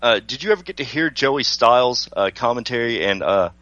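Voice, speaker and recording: A man's voice: mid-range voice, animated, brisk, bright, forceful tone, dry recording, highs cut off. A man hosting a radio interview, polite and deferential, addressing his guest as sir. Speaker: radio show host.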